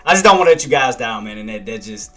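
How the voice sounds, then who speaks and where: A man's voice: medium pitch, expressive, fast talker, a bit bright. A male day trader streaming live commentary, talking straight to his chat and scolding himself with the same phrases over and over. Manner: self-critical, repeats himself, talks to chat by name.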